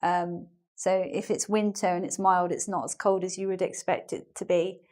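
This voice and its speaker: A woman's voice: on the low side, little pitch movement, moderate pace, a little mellow. A woman with a British English accent from England, teaching an online English lesson in a chatty way and explaining phrases with examples and asides.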